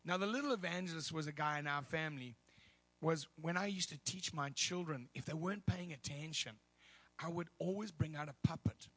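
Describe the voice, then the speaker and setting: A male preacher telling a story in a sermon, animated and laughing, with loud bursts of prayer. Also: a little high, fairly quick.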